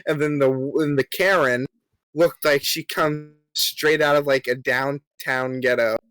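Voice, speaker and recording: A young man tells a story on a casual podcast, pausing on ums and acting out what others said. His voice sits in a middle range and sounds dry and close. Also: medium pitch, steady tone, fairly bright tone, clean tone, no room sound. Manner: filler-heavy, polite, acts out quoted lines. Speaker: podcast co-host.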